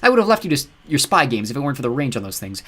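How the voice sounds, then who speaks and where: A man reading an audiobook, voicing a guarded adult woman who speaks softly and cautiously. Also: mid-range voice, big pitch swings, very fast, breathy edge, voice pushed up. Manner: soft, cautious and earnest. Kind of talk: audiobook narration.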